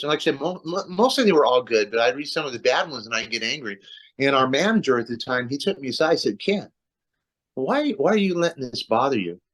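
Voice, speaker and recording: A man's voice: mid-range voice, fairly bright tone. A man, a metal singer, talking loosely about his career on a video call, with lots of restarts and fillers. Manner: rambling, many restarts and fillers. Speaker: metal vocalist, interview guest. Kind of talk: casual video-call interview.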